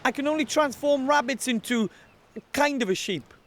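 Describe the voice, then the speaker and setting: A man's voice: very high voice, normal speed, fairly bright tone. An actor playing a timid young male gnome wizard in a video game, nervous and stammering.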